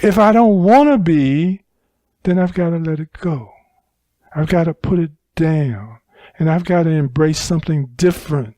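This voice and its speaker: A man teaching a Buddhist dharma talk at a retreat center, unhurried and emphatic, repeating phrases to drive points home. His pitch swings widely and sits a little high for a man. The sound is dry and close. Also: animated, warm tone, no echo.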